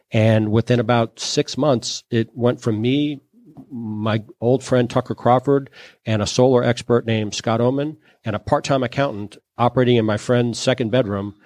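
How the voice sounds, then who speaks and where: A man's voice: medium pitch, a little mellow, no echo, clean studio sound. A man from Louisiana, a guest on an interview show, telling his business story in a chatty, anecdotal way with many "you know"s and "um"s. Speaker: guest, solar entrepreneur.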